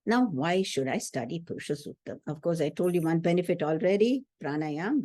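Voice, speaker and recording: A woman's voice: fairly low pitch, dark tone, husky, no echo. A middle-aged woman, giving an earnest spiritual lesson on chanting and often checking in with her listeners. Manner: earnest, explanatory, checks in with "hmm?". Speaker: teacher.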